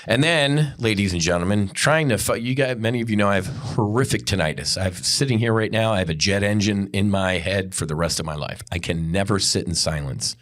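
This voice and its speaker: Blunt, low-voiced man ranting. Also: fairly quick, few pauses, fairly bright tone. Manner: angry, profane, blunt. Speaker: podcast host. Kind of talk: unscripted ranting monologue.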